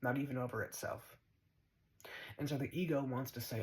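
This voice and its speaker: A man's voice: medium pitch, normal speed, long pauses, darkish tone, poor audio. A man talks as a spiritual teacher in a mid-range voice. He is blunt and swears freely, mocks his listeners and hammers at them with short repeated commands. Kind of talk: spiritual monologue.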